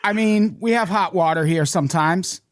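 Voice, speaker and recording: A man's voice: sits high, moderate pace. An American man hosting a podcast, trading sarcastic jokes in casual chat. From United States. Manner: joking, sarcastic banter. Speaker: podcast host.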